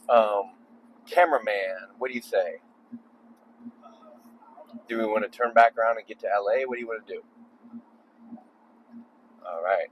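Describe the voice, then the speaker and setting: A man's voice: lowish voice, a little hiss or hum, low-quality recording. A man making a casual video while driving on the freeway at night, rambling with joking asides. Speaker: vlogger.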